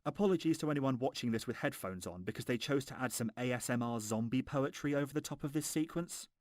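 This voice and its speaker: A man's voice: medium pitch, fast, darkish tone, dry recording, studio quality. A man with a posh Home Counties English accent, narrating a sarcastic, sweary film review.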